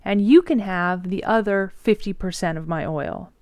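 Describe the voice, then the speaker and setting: A woman's voice: mid-range voice, normal speed, darkish tone, no echo, clean studio sound, close to an everyday voice. A woman voicing a defiant male national leader in a flippant, slangy, offhand way.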